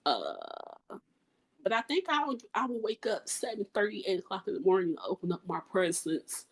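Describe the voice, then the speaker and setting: A woman's voice: mid-range voice, big pitch swings, a little fast, low-quality recording. A woman co-hosting a podcast in casual chat, musing hesitantly and bluntly with slangy asides. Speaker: podcast co-host.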